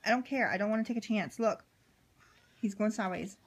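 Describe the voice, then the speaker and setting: A woman speaking at a medium pitch, briskly and with a slightly rough voice, films her cockatoo at home on a handheld camera. In the living room, she chats casually, coos and baby-talks to the bird, and laughs often.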